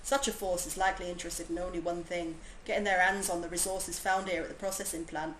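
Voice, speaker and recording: Woman putting on a stern military officer, put-on Yorkshire accent, formal measured briefing, game dialogue. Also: lowish voice, fairly even intonation, fairly bright tone, reverberant, slight background noise, close to an everyday voice, low-quality recording. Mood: earnest.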